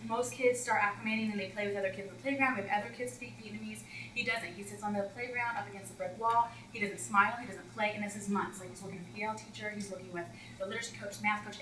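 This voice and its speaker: A woman's voice: medium pitch, reverberant, recorded from a distance, a little hiss or hum, rough recording. A woman teacher coach telling classroom stories to an audience of teachers, acting out the children's voices. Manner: animated, acts out children's voices. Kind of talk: storytelling workshop talk.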